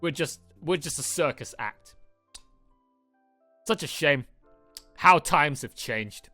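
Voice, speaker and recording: Casting: British man, slightly higher voice, bright and sharp, sarcastic rambling reaction host, faint music underneath. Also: animated, slow pace. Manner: rambling, sarcastic, swears often. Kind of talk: casual reaction commentary.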